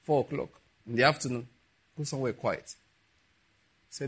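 A man preaching a sermon, telling stories with quiet asides that build to emphatic peaks. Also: mid-range voice, steady tone, normal speed, slightly rough. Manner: storytelling with soft asides and rising emphatic peaks.

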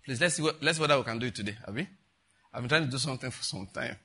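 A man's voice: mid-range voice, racing, bright, forceful tone, slightly rough. An older man, preaching a sermon in a chatty way, full of rhetorical questions and asides. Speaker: pastor.

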